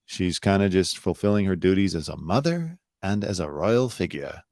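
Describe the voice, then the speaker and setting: Low-ish guy ranting on his live show, blunt and sarcastic, swears a lot, dry mic. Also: lively intonation, normal speed, a little mellow, no echo. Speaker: host. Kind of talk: casual live commentary.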